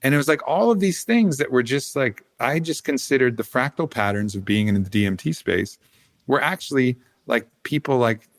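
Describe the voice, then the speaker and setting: A man's voice: medium pitch, lively intonation, normal speed. A man, a podcast guest, telling a loose, rambling story with swearing and laughing asides. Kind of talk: casual storytelling.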